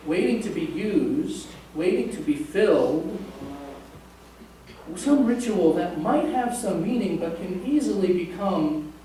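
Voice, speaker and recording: Guy preaching a sermon, pretty high voice, chatty, big echoey church mic far off. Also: darkish tone, a little hiss or hum. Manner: conversational, jokes with the congregation. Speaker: pastor. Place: church sanctuary.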